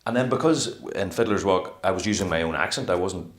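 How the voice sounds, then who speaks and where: Deep-voiced man in an echoey room. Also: brisk. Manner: animated, rambling, acts out quotes. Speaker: actor and interview guest. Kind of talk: casual interview talk.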